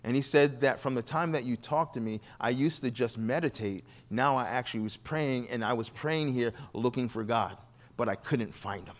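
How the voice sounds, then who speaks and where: Animated man telling sermon stories. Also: normal speed. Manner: animated, acts out quoted people with shifting pitch. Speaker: guest preacher. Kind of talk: sermon storytelling.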